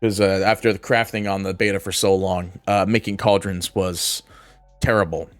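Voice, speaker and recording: A man's voice: deep voice, flat delivery, normal speed, no room sound, soft background music. A man narrating a casual game tutorial, explaining steps with occasional fillers and self-corrections. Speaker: gaming guide creator.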